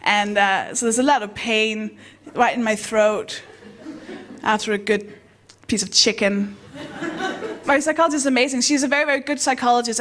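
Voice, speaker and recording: A woman performing a stand-up comedy set in a deadpan, self-mocking way, then introducing the next act. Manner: deadpan self-mocking, with bursts of high excited voices for quoted people.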